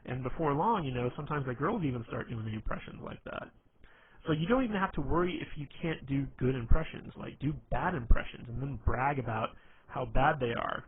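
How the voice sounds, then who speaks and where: A man's voice: medium pitch, expressive, a little fast. A man giving casual advice on being funny, rambling and packing his talk with fillers like "you know". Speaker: dating and humor advice presenter. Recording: tinny phone-like line, faint hiss.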